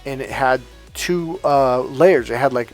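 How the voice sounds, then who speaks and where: A man talking as a dating coach in a casual monologue, profane and animated, acting out the voices of the people he quotes, with faint music behind him. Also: mid-range voice, unhurried.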